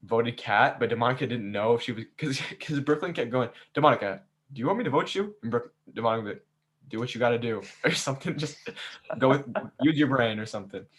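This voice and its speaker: A man hosting a casual after-show chat, telling a season's story in an animated way and acting out players' lines. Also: medium pitch, brisk. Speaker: game host recapping a season.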